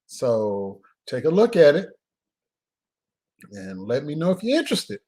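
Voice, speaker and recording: A man hosting a casual live stream as a filmmaker, talking in a loose, joking way with laughs and drawn-out pauses. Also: on the high side, sing-song, a little mellow.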